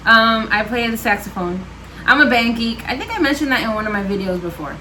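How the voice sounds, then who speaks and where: A woman's voice: fairly high pitch, lively intonation, brisk, sharp tone. Chatty woman vlogger with noisy background. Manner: chatty, laughs often, many fillers. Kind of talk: casual chat. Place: home.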